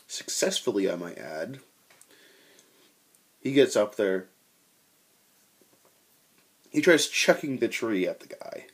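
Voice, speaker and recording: Young guy telling a tabletop war story, animated, swears a lot, kinda husky voice. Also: fairly low pitch, takes it slowly, long pauses. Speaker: storyteller recounting a tabletop game. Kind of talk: casual storytelling.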